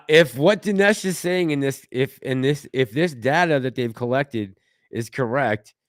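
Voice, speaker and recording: A man's voice: medium pitch, clean tone, no echo, studio quality. A man hosting a casual livestream, reading viewer comments aloud and reacting to them in a chatty way. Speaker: livestream host reading chat.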